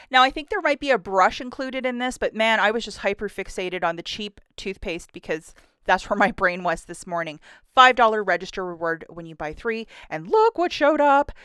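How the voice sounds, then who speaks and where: A woman's voice: mid-range voice, a bit bright, clean tone, no room sound, clean studio sound. A woman hosting her own couponing channel, walking through the week's store deals in a bubbly, chatty, upbeat way. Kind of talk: deal rundown vlog.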